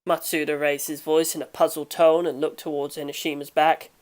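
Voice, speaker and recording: A woman narrating a fan audiobook in a steady, measured reading. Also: low voice.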